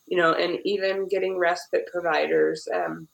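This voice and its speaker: A woman's voice: fairly low pitch, fairly even intonation, normal speed, creaky, poor audio. A woman on a podcast panel earnestly and patiently explaining her side in casual chat, touching on her faith.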